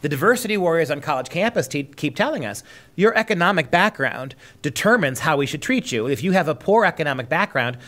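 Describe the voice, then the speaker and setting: A man with a fairly high voice hosts a commentary podcast. He runs sarcastic, mocking riffs and drops into put-on voices to ridicule opponents. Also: lively intonation, a little fast, fairly bright tone. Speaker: podcast host. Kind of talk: opinionated commentary.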